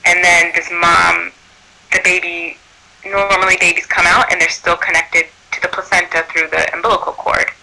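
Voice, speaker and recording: High, gravelly, sharp-toned male storyteller. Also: moderate pace, low-quality recording. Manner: animated, acts out quoted speech. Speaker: birth doula. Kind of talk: personal storytelling.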